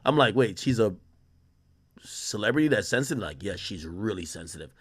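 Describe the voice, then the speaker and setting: A man's voice: fairly low pitch, animated, fairly quick, a bit bright, slightly rough. A young man telling a story in casual talk, swearing freely and acting out what others said to him. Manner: profane, quotes others in shifting voices.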